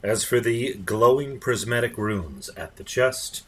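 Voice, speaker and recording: A man leading a game raid over voice chat, calmly giving directions to players. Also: medium pitch, measured pace, husky, soft background music. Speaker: raid leader.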